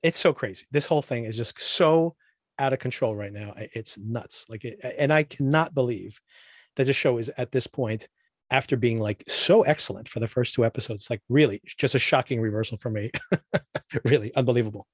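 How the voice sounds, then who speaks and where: A man hosting a podcast, ranting about a TV show in animated casual chat and mimicking characters in quick asides. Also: mid-range voice, dry recording, studio quality. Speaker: podcast host.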